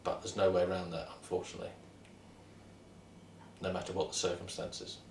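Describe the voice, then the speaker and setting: Deep gravelly man. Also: completely flat delivery, brisk, darkish tone, slight background noise. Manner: plain, matter-of-fact storytelling. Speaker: co-host. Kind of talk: casual anecdote telling. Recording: roomy echo, distant mic.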